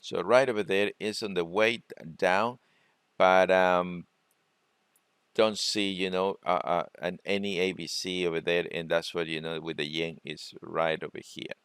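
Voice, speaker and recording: A man presenting a trading webinar, talking through charts in a halting way and often repeating words. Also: deep voice, little pitch movement, a bit bright, clear, resonant tone, dry recording. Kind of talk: screen-share trading lesson.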